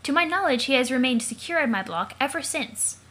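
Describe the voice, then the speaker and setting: A woman's voice: high voice, animated, fairly quick, a bit bright. A woman voicing a prim young woman who speaks formally and precisely, for a let's play of a comic.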